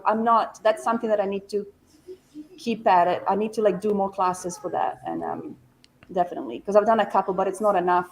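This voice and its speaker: A woman from Italy, a podcast guest talking in a hesitant, halting way. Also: mid-range voice, poor audio. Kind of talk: casual chat.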